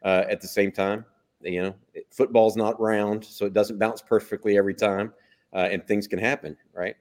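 A man hosting a sports talk show, asking questions in a relaxed, conversational way and often checking in with "right?". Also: fairly low pitch, normal speed. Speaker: host.

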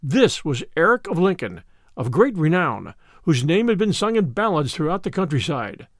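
A man reading a classic adventure tale aloud as a storyteller, with an expressive storybook delivery. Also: a little high, normal speed, dry recording, studio quality.

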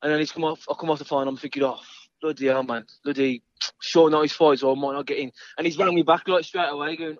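A fast-talking man, chatting as an interview guest in an easygoing, rambling way and repeating his words. His voice sits a little high for a man and comes across a bit dull and lo-fi. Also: fairly even intonation, no room sound. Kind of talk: casual interview chat.

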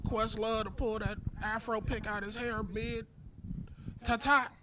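High-voiced man doing loose stand-up. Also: level tone, unhurried, background noise. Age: 30s. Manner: high light voice, loose and joking, swears a lot. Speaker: stand-up comedian. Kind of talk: casual stand-up set. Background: small crowd laughing.

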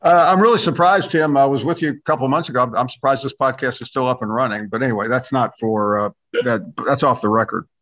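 A man's voice: medium pitch, fast talker, hardly any pauses, fairly bright tone. A middle-aged man with a Southern US drawl, a sports commentator guest on a podcast, wry and outspoken with stammering restarts. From Memphis, US South. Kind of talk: casual podcast interview.

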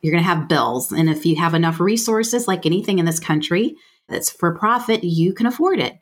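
A middle-aged woman from the United States, speaking as a healthcare finance guest in a frank, plain-spoken way with quick asides. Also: fairly low pitch, lively intonation. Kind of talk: conversational explaining.

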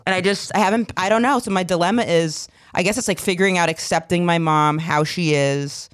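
A woman's voice: on the low side, fairly quick. A woman hosting a podcast, chatting casually and telling personal stories with playful impressions. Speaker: podcast host.

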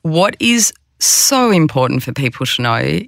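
Mindfulness coach, gravel in the voice, dry studio sound, playful when mimicking worried thoughts. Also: big pitch swings, a bit bright, no echo. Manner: acts out anxious self-talk in quick, higher bursts. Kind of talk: casual podcast conversation.

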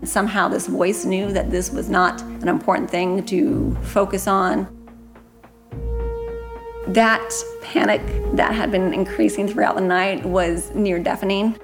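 A woman's voice: mid-range voice, fairly even intonation, a little slow. Woman storyteller, earnest and urgent, over music. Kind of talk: recounting a personal story. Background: background music.

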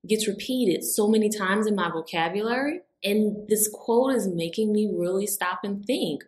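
A woman's voice: medium pitch, moderate pace, hardly any pauses, a little mellow. A woman co-hosting a podcast, reflective and repeating words for emphasis. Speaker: podcast co-host. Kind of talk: casual podcast chat.

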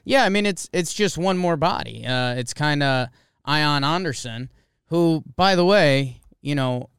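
A man in casual sports-podcast chat, lively and quick with his asides, laughing easily. His voice comes through very smooth and clean, set close to the mic in a dry room. He talks a touch above the usual pitch. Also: no room sound. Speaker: podcast co-host.

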